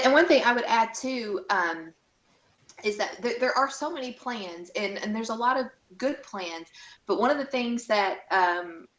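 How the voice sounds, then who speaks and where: A woman co-hosting a casual chat, speaking hesitantly with frequent pauses and restarts. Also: mid-range voice, roomy sound. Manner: hesitant, many ums and restarts. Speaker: co-host.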